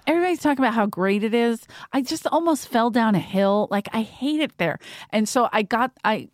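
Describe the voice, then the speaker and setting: A woman hosting a podcast in casual chat, telling profane, animated stories and acting out what people said. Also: on the high side, brisk, dry recording, clean studio sound. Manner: profane, animated storytelling with acted-out quotes. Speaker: podcast host.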